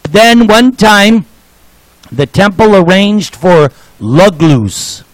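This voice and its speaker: A man's voice: high-pitched, animated, extremely slow, no room sound, low-quality recording. Jovial older man telling temple stories. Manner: jovial, joking storyteller. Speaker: speaker at a temple program. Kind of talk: sermon with anecdotes.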